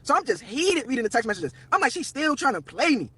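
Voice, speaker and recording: A man's voice: very high-pitched, sing-song, quick pace, pushed and bright, a little hiss or hum. A young man telling a long personal story on a live stream, slangy and profane, quoting everyone in turn.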